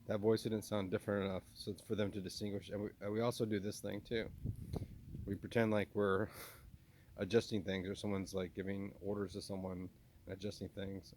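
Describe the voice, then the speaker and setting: Low-voiced man rambling with slight Texan twang. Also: creaky, darkish tone, slight background noise. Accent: slight Southern US (Texan). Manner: talks about himself in third person, many restarts and stammers. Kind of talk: rambling spoken video journal.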